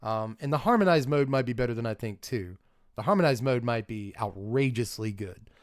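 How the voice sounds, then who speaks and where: A man's voice: medium pitch, expressive, brisk, no room sound, clean studio sound. A man doing a casual live-stream review of game cards, chatting and thinking aloud with rambling asides and restarts.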